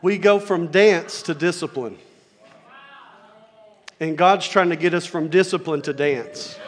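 A man with a high voice preaching a sermon. He shifts between quiet, joking asides and loud, impassioned peaks, and a long reverb trails his words through a large hall. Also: unhurried. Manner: preaching, swings from soft asides to shouted climaxes. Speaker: pastor.

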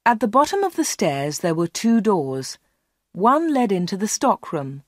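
A woman reading a storybook aloud at a slow, clear pace meant for learners. Her pitch rises and falls a lot, and the sound is close and dry with no room echo. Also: big pitch swings. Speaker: audiobook reader. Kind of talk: scripted storybook narration.

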